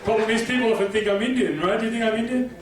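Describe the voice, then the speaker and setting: Rapid-fire delivery in a high voice marks this Australian man's club stand-up set, which is chatty and punchy with constant crowd check-ins. Crowd noise fills the echoey room, recorded from a distance.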